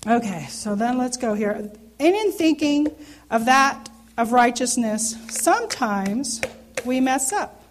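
A woman's voice: a little high, expressive, takes it slowly, a little hiss or hum. Earnest woman teaching scripture. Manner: earnest, conversational, asks listeners questions. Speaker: Bible study teacher. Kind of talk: informal sermon teaching. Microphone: handheld microphone.

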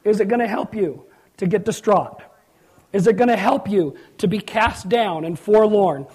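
This middle-aged pastor's voice sits high, a little mellow and slightly rough, at a moderate pace. His storytelling sermon has him acting out quotes and rising to emphatic climaxes.

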